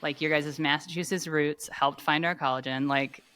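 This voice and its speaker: Bright, excited voice in casual chat. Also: medium pitch, normal speed, dry recording. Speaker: podcast co-host.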